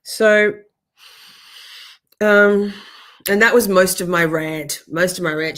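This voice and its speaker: Young woman, livestream vent, rambling, self-interrupting, sweary, mid-pitched voice. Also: expressive, slow, pauses often, a bit bright. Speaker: livestreamer reading chat. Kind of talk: emotional personal livestream talk.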